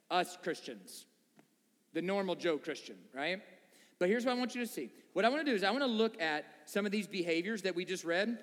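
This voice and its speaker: Male preacher, high voice, lively and jokey, long hall reverb. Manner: animated, joking asides and acted-out voices. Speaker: pastor. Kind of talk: sermon.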